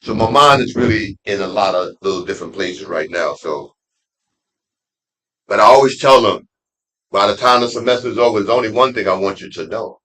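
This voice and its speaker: A middle-aged man, an imam giving a conversational Friday sermon with street slang, dropping to low asides and rising to loud emphatic peaks. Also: brisk, poor audio. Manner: street slang and laughter mixed into preaching. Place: mosque.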